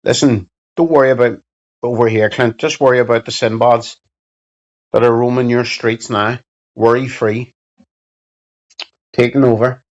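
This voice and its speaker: A man's voice: medium pitch, steady tone, moderate pace, muffled recording. A man with a Belfast accent chatting casually on a livestream, reading out chat and answering with sweary, mocking banter.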